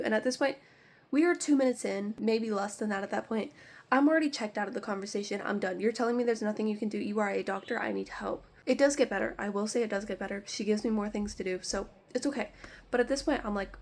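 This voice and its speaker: A woman's voice: medium pitch, quick pace. A woman vlogger telling a story in a casual, rambling way, exasperated and leaning heavily on "like.". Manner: rambling and exasperated, heavy use of "like".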